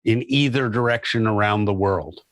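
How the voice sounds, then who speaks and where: A middle-aged man from New Jersey with an American accent softened by years in Australia, a podcast guest telling jokey stories and laughing as he chats. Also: lowish voice, moderate pace, no echo. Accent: American, softened by decades in Australia. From northern New Jersey, USA. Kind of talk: casual podcast chat.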